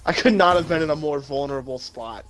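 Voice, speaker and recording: A young man gaming with friends, excitable and quick to cheer and laugh. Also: fairly high pitch, a little hiss or hum. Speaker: gamer, channel host. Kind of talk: casual gaming banter. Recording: game music behind voice.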